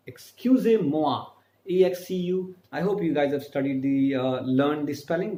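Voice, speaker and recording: A man's voice: fairly high pitch, dark tone. Upbeat man teaching French, echoey room. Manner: upbeat, repeats example phrases slowly. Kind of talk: online language lesson.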